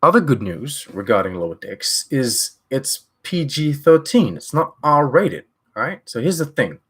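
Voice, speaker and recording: A man's voice: mid-range voice, very animated, a little slow, a bit bright, husky. A man from New Zealand chatting casually and with strong opinions on his live stream, rambling with many fillers and restarts.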